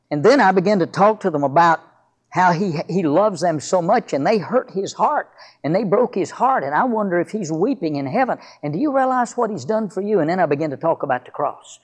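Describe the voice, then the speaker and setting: Older man, pastor, sermon, high voice, lively swooping pitch. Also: brisk.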